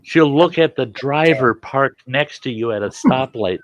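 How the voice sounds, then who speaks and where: A man in his sixties in casual storytelling, animated and acting out voices, swearing freely. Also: mid-range voice, measured pace, hardly any pauses, dry recording. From Wisconsin. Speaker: vlogger.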